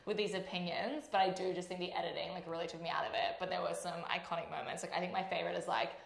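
A woman chats casually as she recaps a show with her co-host. She fills her talk with "like" and laughs often. Her voice sits a little low and rings in a reverberant room. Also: steady tone, fast talker, vocal fry. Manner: chatty, laughs often, lots of "like". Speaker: podcast co-host.

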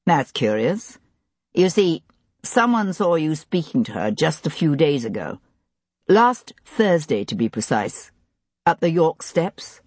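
A woman narrator voicing a cool, sharp-eyed aristocratic gentleman investigator, speaking in a measured, pointed way. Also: deep voice, very animated, no echo, full character voice. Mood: probing.

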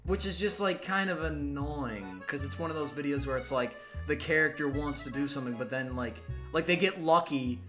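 A man's voice: on the high side, moderate pace, few pauses, music in the background. A young man hosting a reaction video, rambling casually with lots of fillers. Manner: rambling, lots of likes and uhs.

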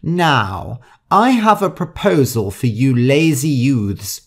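A crabby old landlady from a storybook scolds in a raised, sing-song voice, slow and sharp-tongued. A man acts her out. Every word lands like an order. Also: mid-range voice, big pitch swings, full character voice. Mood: stern. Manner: stern, scolding. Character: grumpy strict old landlady.

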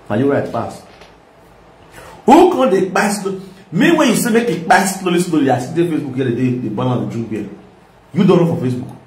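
A man's voice: on the high side, very animated, fairly quick, darkish tone, distant mic. A man with a Nigerian accent giving a mocking, rambling reaction commentary, laughing often. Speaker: social media commentator. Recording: echoey room, voice from off-mic.

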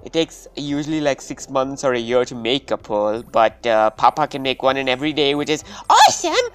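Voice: mid-range voice, sing-song, brisk, clear, resonant tone. A gaming video creator giving casual gameplay commentary in a rambling, playful way and hyping themselves up.

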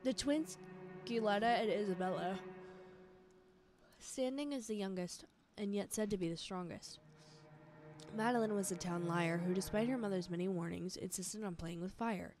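A woman's voice: mid-range voice, normal speed, darkish tone. A young woman playing a video game, reading its storybook text aloud with playful energy and muttering to herself as she works through a puzzle. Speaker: gaming let's player. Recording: game music playing underneath.

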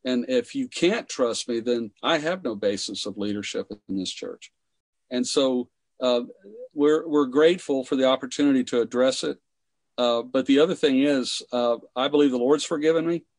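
A man, a pastor, answering in a podcast interview, speaking haltingly with many fillers. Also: mid-range voice, darkish tone, no room sound.

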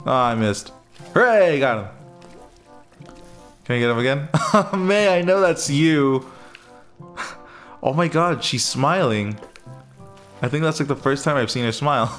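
Playful guy doing a let's play, bouncy lively voice, slow easy pace. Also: medium pitch, faint music behind. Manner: playful, giggly, exclaiming at the game. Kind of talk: casual gameplay commentary.

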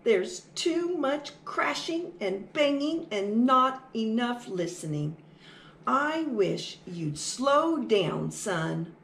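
A woman voicing a gentle mother mouse, speaking softly and lower than her narration. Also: animated, drawn-out words, vocal fry, echoey room, full character voice.

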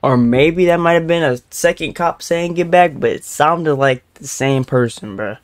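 A man's voice: fairly high pitch, normal speed, slight background noise. A man giving laid-back, slangy commentary as he reacts to a video. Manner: laid-back slangy banter, laughs a lot.

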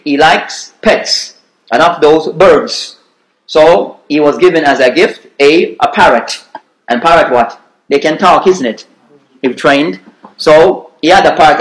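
A man's voice: fairly high pitch, a bit bright. A man giving an informal weekly religious lesson, telling a story with phrases and frequent "you understand". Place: mosque hall. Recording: echoey mosque room.

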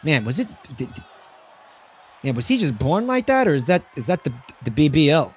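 A man doing excited play-by-play commentary on a wrestling match, rambling and swearing, bursting into yells. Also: a little high, brisk, husky.

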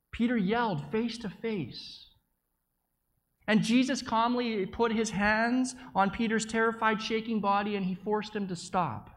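Speaking at medium pitch, a preacher tells a dramatic, vivid eyewitness story from his own perspective, occasionally stumbling and repeating words along the way.

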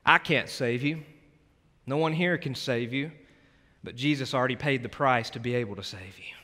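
Earnest pastor with a bright voice in a reverberant church. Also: male voice, mid-range voice, moderate pace. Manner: earnest, pleading, swings from loud urging to hushed prayer. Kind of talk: sermon altar call. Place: church sanctuary. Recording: long church hall reverb with soft music.

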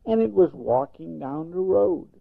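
Gravelly old grandpa telling bedtime story. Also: male voice, on the high side, animated. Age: older. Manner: slow, gentle, singsong storytelling. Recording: tinny phone-like sound.

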